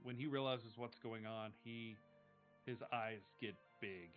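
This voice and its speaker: A man's voice: mid-range voice, measured pace. Man game master on tinny stream. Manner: relaxed, many fillers. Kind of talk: narrating a tabletop game on a live stream. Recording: tinny lo-fi stream audio, faint music.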